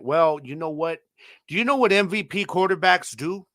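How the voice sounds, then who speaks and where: A man's voice: high-pitched, animated, a little fast, pushed and bright, no room sound, studio quality. A man co-hosting a casual sports podcast, teasing rival fans and laughing often. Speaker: podcast co-host.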